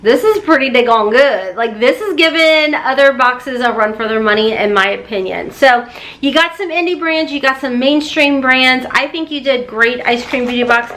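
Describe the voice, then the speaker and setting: A woman's voice: sits high, moderate pace, a bit bright. A woman beauty vlogger chatting casually through an unboxing, gushing over products. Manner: chatty, gushing, talks to her cat in baby talk.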